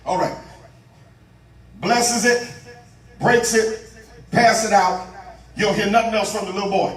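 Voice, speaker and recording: High-voiced preaching bishop in an echoey church. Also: male voice, fairly even intonation, recorded from a distance. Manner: chanting, drawn-out preaching cadence with asides to the congregation. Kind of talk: call-and-response sermon. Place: large church sanctuary. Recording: echoey church sound from afar with organ.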